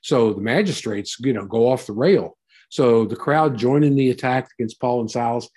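A man's voice: medium pitch, normal speed, warm tone, breathy edge. A man teaching a Bible passage in a conversational sermon, retelling and explaining it in a folksy way.

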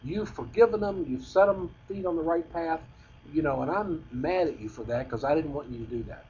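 A man's voice: on the high side, lively intonation, brisk, warm tone, highs cut off, a little hiss or hum, voice pushed up. A man voicing a sulky male prophet who complains to God in a huffy, aggrieved way while teaching a Bible class.

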